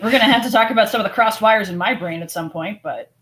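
Bright-voiced woman, blunt and exasperated. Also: medium pitch, fast, slight background noise. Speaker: podcast co-host. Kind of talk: casual comedic chat.

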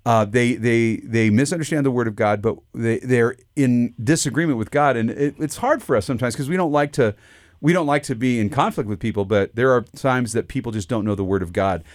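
A pastor co-hosting a discussion show speaks in a brisk, mid-range voice, rambling and frequently restarting his sentences as he leads questions to his co-hosts. The recording is dry, with clean studio sound.

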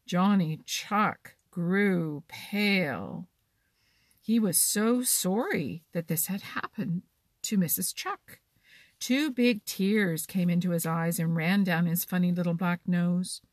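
A woman with a husky, creaky voice reading a children's storybook gently and slowly. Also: on the low side, no echo.

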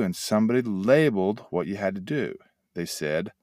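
A man's voice: deep voice, normal speed, darkish tone, dry recording, clean studio sound. An older man hosting a motivational talk, telling folksy stories and acting out little sound effects. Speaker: host and addiction mentor trainer.

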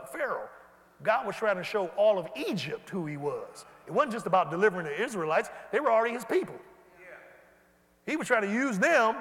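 A man preaching an animated sermon and leading the congregation in call-and-response. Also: high-pitched. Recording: hall reverb.

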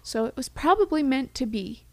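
Young woman, heartfelt and reflective co-host, higher voice, dry recording. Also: animated, moderate pace, dry recording. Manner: heartfelt, reflective, drops to a whisper for quoted thoughts. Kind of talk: casual chat.

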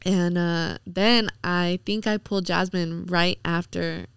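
Speaking slowly with a creaky, low, resonant voice and fairly even intonation, a young woman appears as a podcast guest telling a casual story about a night out. She's chatty, performs quoted lines, and fills her speech with "like." The studio sound is clean and clear, without room sound.

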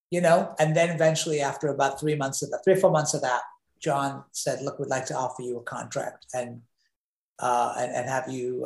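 A man being interviewed, telling an animated anecdote with frequent restarts and repeated words. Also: fairly high pitch, vocal fry. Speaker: interview guest. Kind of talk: conversational storytelling. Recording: roomy echo.

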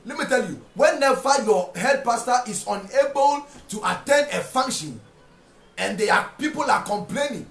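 A man preaching a sermon, repeating phrases and rising to shouted rhetorical questions. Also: very high voice, animated, moderate pace. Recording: echoey room with faint music.

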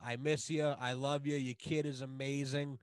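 A man guesting on a podcast, ranting loudly and swearing heavily in casual chat. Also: mid-range voice, flat delivery, moderate pace, a little hiss or hum. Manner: loud, swearing, heated. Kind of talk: casual profane rant.

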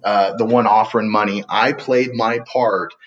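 A man with a lowish voice speaks as a podcast guest. He tells a story with energy and acts out the voices of the people in it. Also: normal speed, muffled recording. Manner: animated storyteller acting out quotes.

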